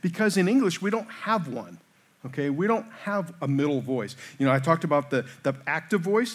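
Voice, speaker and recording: A man's voice: a little high, very animated, normal speed, breathy edge. A man preaching a sermon in a conversational way, often checking in with the congregation and making self-deprecating asides. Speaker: pastor.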